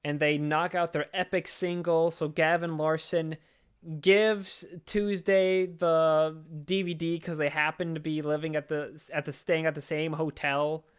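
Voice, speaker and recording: A man co-hosting a podcast, recapping a movie in casual chat, acting out characters in quick voices and swearing freely. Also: on the high side, little pitch movement, clean tone. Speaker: podcast co-host.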